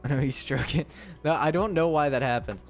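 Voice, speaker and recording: This casual live-stream chat features a man talking a little fast over faint background music. He's giggly and rambling with his viewers, breaking into high laughing shrieks.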